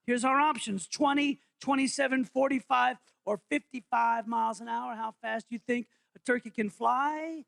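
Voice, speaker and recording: A man's voice: very high voice, moderate pace, vocal fry, few pauses, fairly bright tone. A male pastor giving a playful, interactive sermon in a church, quizzing the congregation. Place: church sanctuary.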